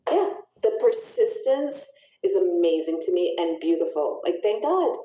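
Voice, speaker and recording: Woman, lowish mellow voice, echoey room, casual chat. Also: very animated, measured pace. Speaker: volunteer.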